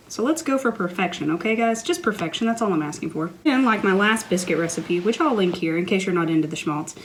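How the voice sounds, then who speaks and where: A woman's voice: mid-range voice, poor audio. Lady walking thru a recipe in her kitchen, joky and goofy, faint hum behind. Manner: playful, self-mocking asides. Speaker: cooking vlogger. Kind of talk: cooking tutorial. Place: home kitchen.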